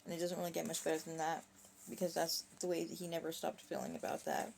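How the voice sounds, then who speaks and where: A woman's voice: low voice, monotone, fast, vocal fry, a little mellow, slight background noise. A woman performing a spoken-word story in rhyme, with frank, conversational asides.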